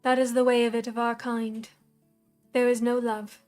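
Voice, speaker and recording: A scornful dark mentor from a spoken storybook, low and hushed, every line an order, voiced by a woman reading aloud. Her voice sits a little high even when she drops it. Faint guitar music plays underneath. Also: normal speed, natural voice. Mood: cold, commanding.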